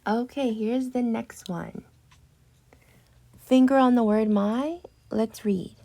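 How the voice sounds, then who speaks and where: A woman teaching an early reading lesson to young children, patient and slow, drawing out words as she models them. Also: fairly high pitch, gravelly, a little mellow.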